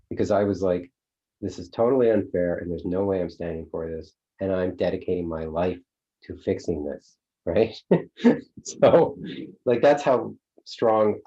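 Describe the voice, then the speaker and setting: A middle-aged man runs a course in a relaxed teaching style, packing his talk with fillers and a rhetorical "right?". He has a low, dark voice, and the recording sounds dull and lo-fi.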